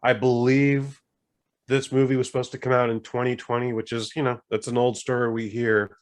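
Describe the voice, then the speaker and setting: A man's voice: medium pitch, flat delivery, normal speed. A man co-hosting a podcast, reviewing a movie in loose, profane casual chat and acting out scenes in voices. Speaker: podcast co-host.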